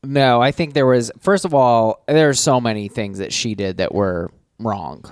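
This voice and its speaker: A man's voice: medium pitch, moderate pace, clear, resonant tone, no echo, studio quality. A man co-hosting a podcast in casual chat, teasing his partner and reacting with exclamations. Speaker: podcast co-host.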